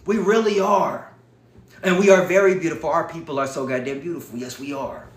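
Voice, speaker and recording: A man hosting a livestream, talking in an animated, profane, preachy way. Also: medium pitch, fast, reverberant. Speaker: livestream host. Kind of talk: casual livestream talk.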